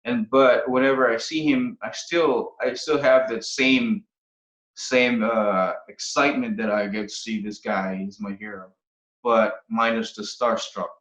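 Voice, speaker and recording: Man from the Philippines, guest musician, halting casual talk; roomy, muffled podcast recording. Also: medium pitch, fairly even intonation, a bit bright. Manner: hesitant, restarts often. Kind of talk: casual interview chat. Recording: roomy, dull podcast audio.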